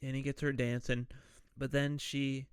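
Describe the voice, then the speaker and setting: A man's voice: medium pitch, level tone, normal speed, clear, resonant tone, no room sound. A man hosting a podcast, casually recapping a movie and acting out the characters' lines as he goes. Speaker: podcast host.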